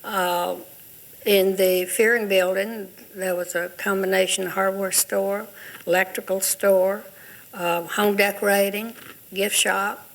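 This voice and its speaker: An older woman reminiscing as a panel guest, listing details in a measured way with small hesitations. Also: mid-range voice, flat delivery, vocal fry, poor audio. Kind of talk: casual reminiscing.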